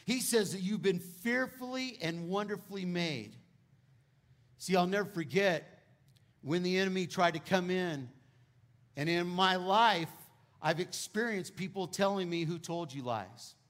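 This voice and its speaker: A man in his fifties preaching a sermon to a church, telling a personal family story, swelling loud on key lines and dropping soft and low on sad parts. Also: unhurried. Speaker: guest preacher. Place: church sanctuary.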